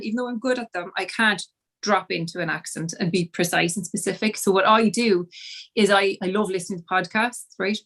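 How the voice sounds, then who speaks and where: A woman's voice: medium pitch, gravelly, a bit bright. A woman from Ireland with an Irish accent, an acting coach talking casually and laughing often over a video call. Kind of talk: casual conversation.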